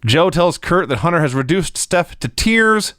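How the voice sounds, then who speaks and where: A man's voice: on the high side, animated, normal speed, a bit bright, dry recording, clean studio sound. Agreeable man reading recap notes. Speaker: podcast co-host. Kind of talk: casual chat.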